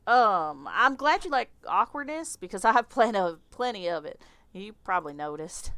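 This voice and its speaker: A woman's voice: medium pitch, big pitch swings, moderate pace, a bit bright, clear, resonant tone, no room sound. A woman doing a stammering Southern demon guy. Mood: flustered. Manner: stammering, flustered. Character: nervous awkward young male demon with hooves.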